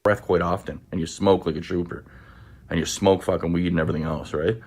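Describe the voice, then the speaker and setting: A man rants at his rivals in a profane, accusing tirade. His voice sits low and sounds husky. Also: steady tone, brisk, darkish tone. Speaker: rival streamer in a played clip. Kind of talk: angry rant.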